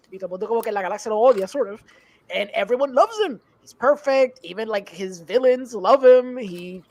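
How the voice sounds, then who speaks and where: A man's voice: extremely high pitch, a little mellow. A man co-hosting a podcast, chatting casually and explaining with energy while he switches between Spanish and English mid-sentence. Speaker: podcast co-host. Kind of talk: casual chat.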